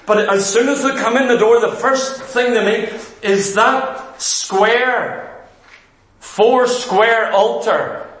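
A man with a Northern English accent preaching a sermon, fervent and quick, firing rhetorical questions at his listeners. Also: very high-pitched, fairly even intonation, fairly bright tone, roomy sound.

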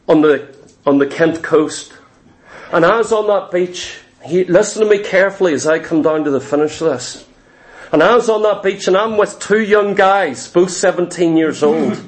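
Man, preacher, high-pitched, fervent, confessional sermon. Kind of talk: sermon testimony.

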